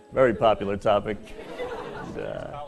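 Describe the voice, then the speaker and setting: Man, middle-aged, lively comic speech, dramatic pauses. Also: lowish voice, vocal fry. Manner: animated, self-mocking storytelling with dramatic pauses. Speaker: corporate speaker at an employee seminar. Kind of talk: comic speech to a live audience. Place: large hall before an audience.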